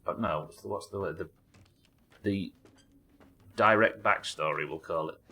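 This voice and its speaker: Low husky British man streaming a game. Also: unhurried, pushed and bright. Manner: muses aloud, reads in-game notes, chats to viewers. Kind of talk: live gameplay commentary.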